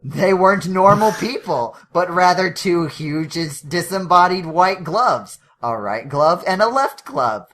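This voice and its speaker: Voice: mid-range voice, expressive, measured pace, few pauses, fairly bright tone. A podcast co-host reading fanfiction aloud, breaking into laughs and correcting stumbles along the way. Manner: reads with frequent laughs and self-corrections.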